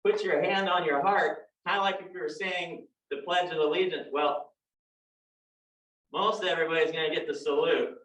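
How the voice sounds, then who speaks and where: Texan guy teaching dance, folksy and jokey, kinda high voice, far off in an echoey room. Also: steady tone, moderate pace, a bit bright. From Texas. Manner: folksy, joking storyteller. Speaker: dance instructor. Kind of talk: live dance class instruction. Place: dance studio. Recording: roomy, distant, dull sound.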